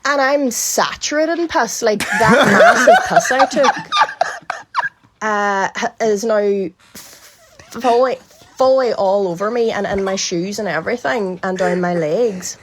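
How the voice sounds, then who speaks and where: Woman, voicenote confession, mid pitch, faint hiss behind. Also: very animated, measured pace. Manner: laughing, tumbling, swears freely. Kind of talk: casual storytelling. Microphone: phone voice note.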